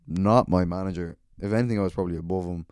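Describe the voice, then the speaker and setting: Low-voiced sweary Irish man. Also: quick pace, darkish tone, clear, resonant tone, no room sound, clean studio sound. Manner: sweary, rambling, sardonic. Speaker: podcast host. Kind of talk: solo podcast storytelling.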